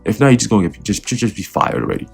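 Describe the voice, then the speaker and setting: A man's voice: lowish voice, lively intonation, quick pace, a little mellow, faint music behind. A man putting on the voice of a smug, dismissive male politician, scornful and mocking. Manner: mocking, brushing off complaints.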